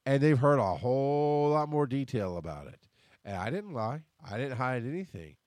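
A man's voice: medium pitch, sing-song, normal speed, darkish tone, no room sound. A man in his thirties hosting a podcast, talking bluntly and rambling through a casual personal monologue, swearing freely. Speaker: podcast host. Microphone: headphones and desk mic.

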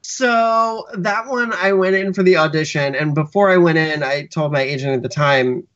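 A man who writes and acts is a podcast guest, telling rambling anecdotes full of fillers and restarts over dull lo-fi audio. His voice is fairly high and fairly bright, at a moderate pace.

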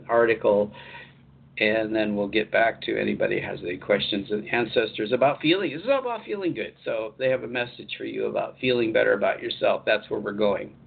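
Gravelly man on a phone-like line. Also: medium pitch. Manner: chatty, repetitive, lively emphasis, chuckles. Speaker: spiritual life coach. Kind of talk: live online talk show.

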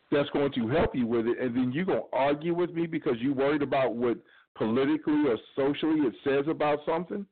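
A middle-aged man, co-host of a talk radio show, arguing his opinion emphatically and pushing on through interruptions. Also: fairly high pitch. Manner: emphatic, argumentative, keeps talking over interruptions. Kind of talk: opinionated casual debate. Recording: tinny phone-line audio.

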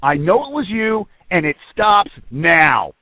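A man's voice: high-pitched, big pitch swings, slow pace, dry recording, full character voice. A man playing a furious neighbor in a prank phone recording, threatening and accusing. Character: furious male neighbor, middle-aged, accusing. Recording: tinny phone line.

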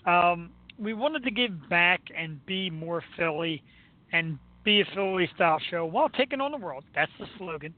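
A man with a Philadelphia accent, hosting a radio show in casual, excitable, rambling chat. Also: high voice, moderate pace, phone-quality sound. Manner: excitable, rambling, laughs often.

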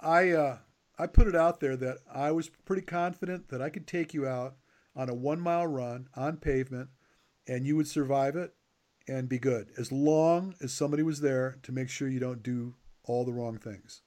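A man's voice: medium pitch, moderate pace, a little mellow. An older man hosting a podcast in a casual, teasing chat with his guest. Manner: joking, teasing. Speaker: podcast host.

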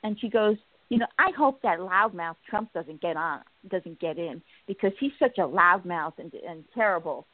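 A woman hosting a political talk show, speaking in a halting way with many restarts and telling stories with acted-out quotes. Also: lowish voice, no room sound. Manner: animated storytelling, acts out quotes. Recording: tinny phone-like line.

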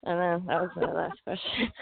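A woman's voice: lowish voice, moderate pace, gravelly. A woman guest telling stories in a casual, profane, laughing manner on a podcast. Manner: profane, laughing, animated storyteller. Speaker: guest fighter. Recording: tinny phone-like line.

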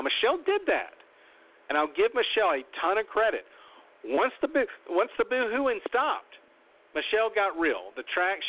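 A man giving blunt, opinionated casual commentary as a host recapping a reality show. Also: a little high. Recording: tinny phone-line audio.

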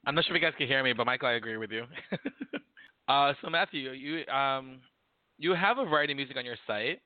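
A man's voice: mid-range voice, fairly quick, dry recording. A man co-hosting a podcast, asking interview questions in a casual, giggly, slightly hesitant way. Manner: lively, giggly, hesitant with fillers. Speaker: podcast co-host. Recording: dry tinny phone-like line.

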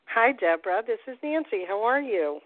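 A woman's voice: a little high, sing-song, normal speed. An older woman with a New Jersey accent, calling in to a radio show, chatty and giggly. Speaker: caller. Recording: dry tinny phone line.

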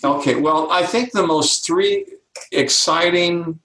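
A man's voice: fairly high pitch, slow, a little hiss or hum. An older man, a guest author, explaining ideas in an interview and acting out the voices of the people in his stories with emphasis. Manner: emphatic, animated, acts out quoted lines. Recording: echoey room.

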